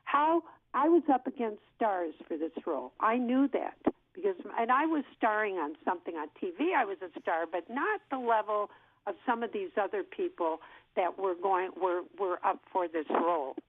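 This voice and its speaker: Actress lady in her 60s telling stories on a phone call, acts out the quotes, middle pitch, no room sound at all. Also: normal speed, no echo. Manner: lively storyteller who acts out what people said. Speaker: actress guest. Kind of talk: storytelling interview. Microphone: telephone. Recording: tinny phone line.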